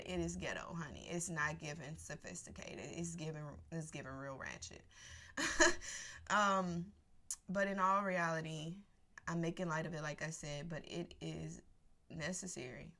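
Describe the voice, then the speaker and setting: Woman host, low gravelly voice, candid unscripted monologue with slangy emphasis. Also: pushed and bright. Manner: candid, laughs between thoughts, drawn-out emphasis; casual slang, conversational and emphatic.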